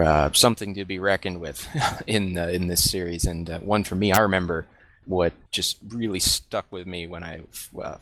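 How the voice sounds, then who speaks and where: A man with a very low voice talks casually in a podcast discussion. He is relaxed, laughs often and fills his pauses with ums and uhs. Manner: relaxed, many fillers and laughs. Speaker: podcast panelist.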